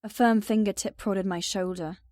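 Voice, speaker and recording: A woman narrating a first-person audiobook in an even, subdued storytelling manner. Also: medium pitch, moderate pace, no echo, studio quality.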